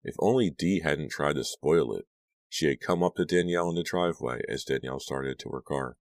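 A man reading a horror novel aloud as an audiobook, in steady, measured storytelling. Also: very deep voice, dry recording. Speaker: audiobook narrator. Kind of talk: scripted audiobook narration.

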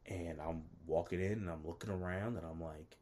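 A man's voice: sits low, steady tone, moderate pace, darkish tone, a little hiss or hum. A man telling a casual personal story in a rambling, self-interrupting way, full of fillers and restarts. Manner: nervous, self-conscious.

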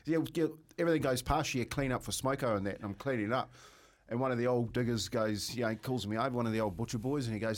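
A middle-aged man with a New Zealand accent chats in a radio studio. He tells a yarn with gusto, acts out the characters in his story and keeps laughing at his own tale. His pitch sits in the middle of the male range. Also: fast, hardly any pauses. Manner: lively yarn-spinner who acts out voices and laughs through his stories. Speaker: radio co-host. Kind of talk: casual studio banter and storytelling.

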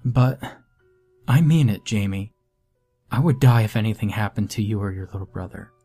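A man's voice: lowish voice, normal speed, dark tone, faint music behind. A man voicing a weary, protective mother of two boys, tender with her sons and fierce toward their father. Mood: pleading. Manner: tender but fierce, pleading.

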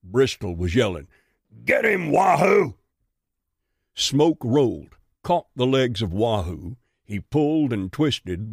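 A man reads a western audiobook in a slow, measured way. His voice sits a little low and is recorded dry and close, with no room sound. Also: no room sound. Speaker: narrator.

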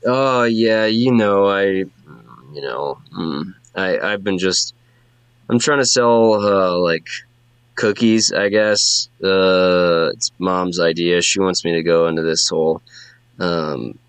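A man's voice: low voice, takes it slowly, clear, resonant tone, dry recording. A man voicing a laid-back young adult brother who rambles casually in slang. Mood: rambling.

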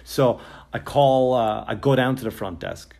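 A man's voice: medium pitch, measured pace, creaky. Male comic, middle-range voice, loose rambling anecdote delivery with sarcastic, swearing asides. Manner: rambling, sarcastic, profane, with frequent fillers; animated, jumping into quoted exchanges. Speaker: touring comedian. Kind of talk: casual comedic storytelling monologue.

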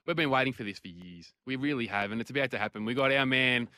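Australian male radio co-host, fast and bright, excitable and jokey. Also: mid-range voice, dry recording. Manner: excitable, hype-man, jokey. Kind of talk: casual sports radio chat. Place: radio studio. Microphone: studio microphone with headphones.

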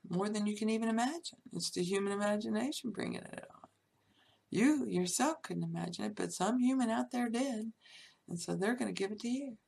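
Gravelly, husky woman ranting off the cuff. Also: mid-range voice, a little mellow. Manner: emphatic and rambling, many "you know" fillers. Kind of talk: unscripted monologue.

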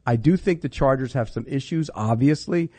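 A man's voice: mid-range voice, moderate pace, dark tone, husky, dry recording. A man giving football picks in an emphatic, opinionated way, repeating himself for stress. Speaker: football analyst. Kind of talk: sports betting chat.

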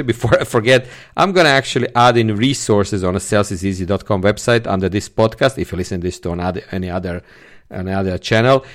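A man hosting a solo podcast, teaching sales techniques and stressing key words in his examples. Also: fairly low pitch. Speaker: podcast host, sales trainer.

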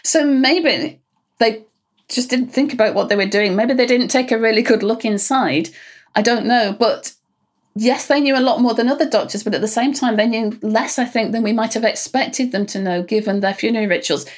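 A woman expert talks through her subject in a relaxed, conversational way, often stopping to restart a thought. Light laughs break up her explanations. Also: fairly high pitch, normal speed. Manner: chatty, restarts often, laughs between points. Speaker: Egyptologist answering listener questions.

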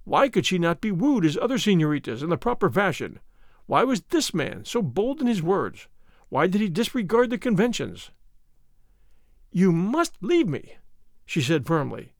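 Expressive high-voiced male narrator. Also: normal speed, dry recording, studio quality. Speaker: audiobook narrator. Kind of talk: scripted narration.

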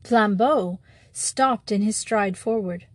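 A woman narrating an audiobook of a classic story in a measured, even way. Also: medium pitch, dry recording.

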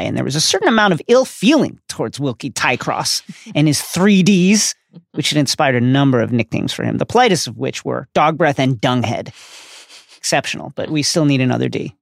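A man's voice: medium pitch, gravelly, dry recording, studio quality. A man co-hosting a podcast, retelling book chapters in a jokey, casual way with slang. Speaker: podcast co-host. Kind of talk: casual book recap chat.

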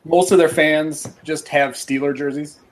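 Male co-host, slightly high voice, jokey interjections, faint noise behind. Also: fairly even intonation, unhurried. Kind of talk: casual chat.

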